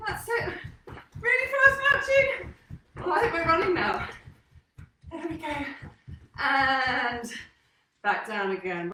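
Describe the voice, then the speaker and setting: A young woman leading a children's workout, telling a story with upbeat, animated encouragement. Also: very high-pitched, a little hiss or hum. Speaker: kids' fitness instructor. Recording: echoey room, distant mic.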